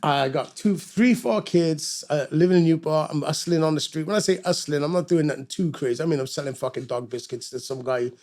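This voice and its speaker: A man's voice: fairly high pitch, a little fast, hardly any pauses, a little mellow. A middle-aged man, telling a story as a guest in a casual interview, swearing freely and acting out the voices of the people he quotes. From Wales. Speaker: guest musician.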